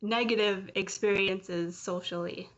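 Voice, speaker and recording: A woman's voice: medium pitch, steady tone, a little slow, a bit bright. Emotional woman venting in a lo-fi vlog. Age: late 30s. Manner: raw, emotional, angry and confessional. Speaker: vlogger. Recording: dull lo-fi sound.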